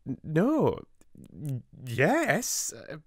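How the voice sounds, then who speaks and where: A timid, stammering spinster lady with a British accent, high and quavering, forever flustered and close to tears, as a male reader puts her on. Her lines come slow and breathy in a dry, close storybook reading. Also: huge pitch swings, no echo, exaggerated voice. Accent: British English. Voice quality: stammering, tearful. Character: flustered timid middle-aged spinster sister. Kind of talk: soft-spoken audiobook reading.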